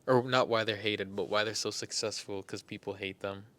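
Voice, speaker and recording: A man's voice: lowish voice, steady tone, normal speed, fairly bright tone. A young man co-hosting a casual podcast, rambling and trailing off with many fillers. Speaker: podcast co-host. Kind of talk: casual chat.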